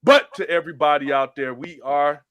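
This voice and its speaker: A man hosts a casual talk show and tells stories with lively energy, acting out voices along the way. His voice is bright and sits a little high for a man. The recording is dry and close. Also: moderate pace, no echo. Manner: animated storytelling, acts out phone menus. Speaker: show host. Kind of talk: casual podcast chat.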